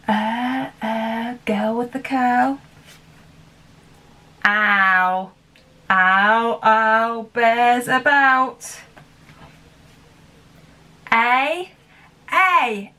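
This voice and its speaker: A woman's voice: on the high side, a bit bright. A woman with an English accent teaching a phonics lesson to young children, encouraging and chanting sounds in a sing-song way. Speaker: primary school teacher.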